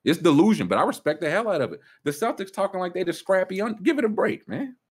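A man hosting a casual sports talk show, ranting emphatically with sudden jumps up in pitch. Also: very animated, quick pace, husky. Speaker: sports podcast host.

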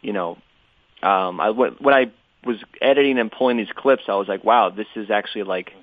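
A man who works on the show as producer, recounting details in a casual, measured podcast conversation. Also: on the low side, no room sound. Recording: tinny phone-like line, dry.

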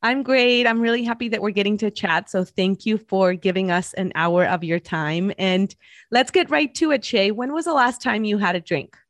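A woman's voice: mid-range voice, moderate pace, no room sound, clean studio sound. Upbeat woman interviewing on a podcast. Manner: upbeat, welcoming.

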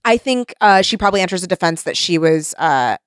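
A woman's voice: on the low side, lively intonation, brisk, smooth, dry recording, clean studio sound. Blunt, swearing woman podcast host. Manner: blunt, swears freely, laughs often. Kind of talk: casual book discussion.

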